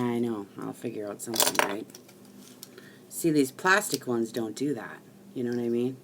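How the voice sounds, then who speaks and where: Low-voiced chatty woman crafting live. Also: slight background noise. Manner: rambling, chatty, swears freely. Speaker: crafting live-stream host. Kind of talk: casual chat to live viewers.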